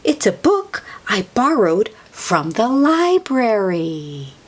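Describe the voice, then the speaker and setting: Bumbling, sheepish storybook father pig, slow and patient, read by a woman. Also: fairly high pitch, very animated, breathy edge, exaggerated voice.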